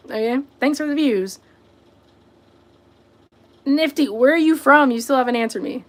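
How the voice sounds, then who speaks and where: A woman's voice: high-pitched, lively intonation, measured pace, long pauses, a bit bright. A woman hosting a casual livestream, answering viewer comments and scolding rude ones. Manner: sassy, confronting chat commenters directly; talks to viewers as y'all and buddy. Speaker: livestream host.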